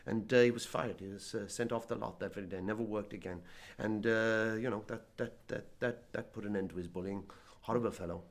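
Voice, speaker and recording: An actor playing an older Irish film-star hellraiser who stammers, rambles and bristles at any slight, in a comedy sketch interview. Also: male voice, on the low side, steady tone, close to an everyday voice. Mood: boastful. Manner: stammering, rambling, quick to take offense. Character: aging boozy Irish film-star hellraiser, blustering and touchy.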